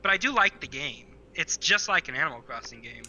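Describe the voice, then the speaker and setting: A man's voice: on the high side, lively intonation, brisk, bright, forceful tone, slight background noise, low-quality recording. A man co-hosting a podcast in casual chat, rambling with many fillers and restarts. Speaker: podcast co-host.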